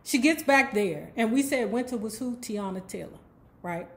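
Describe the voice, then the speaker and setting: A woman recapping a novel in a loose, chatty way, swearing freely and turning to the listener with "okay?" and "right?". Her voice sits fairly high for a woman. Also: expressive, moderate pace. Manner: chatty, profane, asides to the listener. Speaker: book club host. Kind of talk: casual book recap storytelling.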